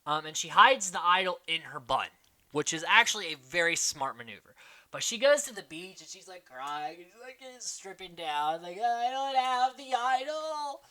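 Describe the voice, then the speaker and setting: A man hosting a casual recap, chatting quickly and mimicking the people he quotes. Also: on the high side, animated, sharp tone. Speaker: podcast host recapping a reality show.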